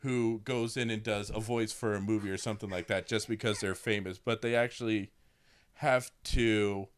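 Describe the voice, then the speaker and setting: A man's voice: fairly low pitch, steady tone, normal speed, slight background noise. A man hosting a podcast, chatting casually and rambling a little as he corrects himself. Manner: rambling, with fillers and self-corrections. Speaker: podcast host. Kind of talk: casual chat about a documentary.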